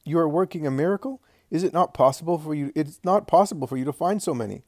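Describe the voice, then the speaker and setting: A man's voice: mid-range voice, a little fast, vocal fry, dark tone, no room sound, clean studio sound, natural voice. A man voicing an eager, breathless young male apostle in a scripture reading. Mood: astonished.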